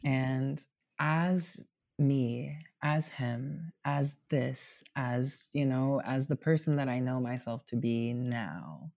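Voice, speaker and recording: A man in his thirties, recorded in his home apartment, speaks candidly and at length as a guest in a casual, heartfelt conversation, rambling with plenty of "like" and casual swearing. His mid-range voice is slow, slightly mellow, and touched with vocal fry.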